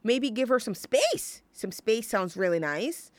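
A woman's voice: on the high side, big pitch swings, unhurried, no room sound. A young woman hosting a college radio show, chatting on her own in a rambling, gushing way full of fillers and restarts. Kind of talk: casual solo radio chat.

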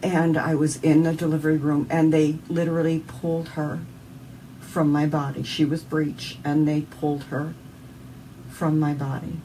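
A woman with a Southern US accent, a guest in an interview, tells an emotional personal story in an earnest, heartfelt way. Her low, dark voice shows little pitch movement and she speaks at a normal speed, recorded on a distant mic with faint background noise.

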